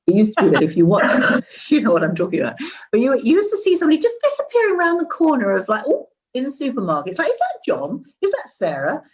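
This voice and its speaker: A woman talking as a wellbeing specialist in a casual conversation, animated and demonstrative, laughing often. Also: high voice, rapid-fire. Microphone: seated at a chair.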